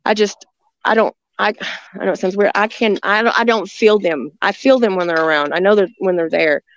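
A woman telling stories in a rambling, halting way, with many restarts, talking from a rural home near the woods. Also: mid-range voice, highs cut off. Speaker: guest telling encounter stories. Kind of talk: casual storytelling on a call-in show.

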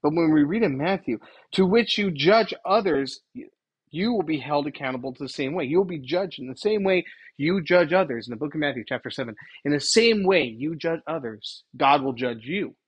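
A man's voice: a little high, expressive, normal speed, slightly rough, dull audio. A man giving an informal preaching monologue, rambling and correcting himself as he retells scenes and quotes scripture. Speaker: Christian commentator.

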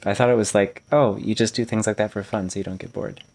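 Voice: mid-range voice, steady tone, fast, gravelly, a little mellow. A host in casual chat, laid-back and dry, asking short teasing questions.

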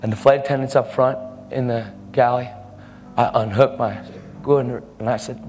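A man's voice: medium pitch, steady tone, moderate pace, a little mellow, faint music behind. A man preaching a sermon, telling a testimony story in a fervent, emphatic way. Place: church service hall. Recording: reverberant hall.

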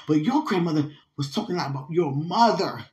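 A young woman speaking to her partner in an emotional, spiritual monologue. She sounds heartfelt and often tearful, and her voice swings between loud outbursts and hushed asides. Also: low-pitched, lively intonation, moderate pace.

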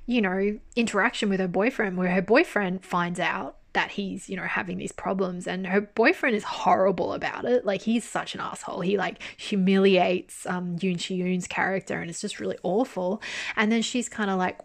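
Woman, casual review chat, candid, animated, swears freely, medium pitch. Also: moderate pace, gravelly. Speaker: drama reviewer.

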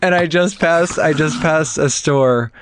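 A man's voice: a little high, measured pace, background noise. Laid-back man chatting as a guest. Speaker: podcast guest. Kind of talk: casual chat.

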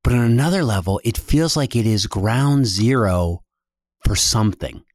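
A man's voice: fairly low pitch, expressive, moderate pace, dry recording, studio quality. A man interviewing a guest, asking questions in a curious, conversational way.

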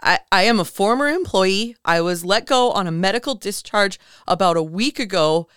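A woman's voice: fairly high pitch, expressive, a bit bright, clean tone, no room sound, studio quality, voice pushed up. Woman doing a frantic, tearful man on the phone. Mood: panicked. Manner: sputtering, near tears, halting. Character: frantic panicked male caller on the run. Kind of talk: podcast chat.

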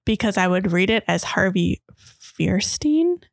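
A woman's voice: medium pitch, lively intonation, measured pace, vocal fry, dry recording, clean studio sound. A woman co-hosting a podcast in casual chat, enthusiastic and laughing often. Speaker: podcast co-host.

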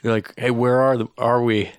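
A man co-hosting a casual movie review podcast, cursing a lot and mocking the film in quick asides. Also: medium pitch, level tone, clean tone, no room sound, studio quality. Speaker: podcast co-host.

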